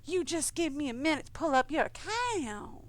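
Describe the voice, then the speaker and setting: A woman's voice: sits high, sing-song, normal speed, no echo. A woman putting on a syrupy Southern belle. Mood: soothing. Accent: Southern US (put on). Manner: syrupy, soothing, polite. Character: sweet-talking adult woman, a Southern belle phone agent.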